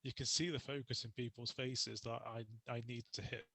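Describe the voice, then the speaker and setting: Here a young man appears as a guest on a laid-back podcast, telling stories in a chatty, easygoing manner and laughing often. He speaks at a normal speed in a steady, mid-range voice that sounds gravelly, pushed and bright. There's no room echo; the sound is dry.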